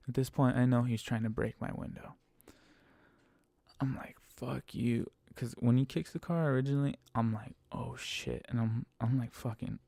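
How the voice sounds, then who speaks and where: Man, gravelly dark voice, dry close sound, profane exasperated rideshare storyteller. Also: mid-range voice, no echo. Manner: heavy swearing, emphatic and exasperated. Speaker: rideshare driver telling stories. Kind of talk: casual storytelling monologue.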